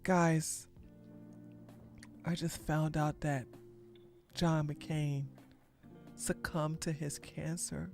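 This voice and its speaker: A woman putting on a theatrical fake-sobbing voice, hushed and whimpering in mock sorrow. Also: low voice, flat delivery, very slow, gravelly, long pauses, faint music behind, pitched below the performer's own voice, exaggerated voice. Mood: mock grief.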